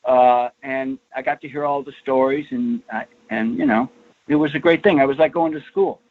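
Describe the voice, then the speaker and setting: A man in his sixties, a comic artist being interviewed, telling stories in a rambling, animated way and laughing often. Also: mid-range voice, moderate pace. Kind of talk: casual interview storytelling. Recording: lo-fi, dry remote audio.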